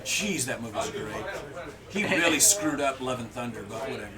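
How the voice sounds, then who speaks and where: A man's voice: medium pitch, animated, normal speed. A man chatting casually at a tabletop game session, rambling through a story with many fillers. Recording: distant mic, loud table chatter.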